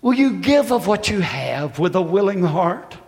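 High-voiced impassioned preacher in echoing hall. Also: male voice, sing-song, normal speed, gravelly. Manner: impassioned, rising to shouts then dropping to a hush. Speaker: pastor. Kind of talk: sermon. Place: church sanctuary. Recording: echoey hall with long reverb.

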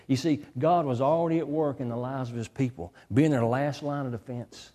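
A man preaches with folksy emphasis, circling back to repeat the lines he wants to land. His voice sits a little high, with a soft, mellow tone. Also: moderate pace, few pauses, long reverb tail. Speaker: pastor. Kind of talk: sermon.

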